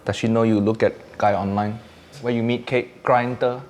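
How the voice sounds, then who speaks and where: A man's voice: medium pitch, flat delivery, normal speed, very noisy. A man speaking broken English in a comic persona, teasing his co-host while reacting to food. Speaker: comedy food critic persona.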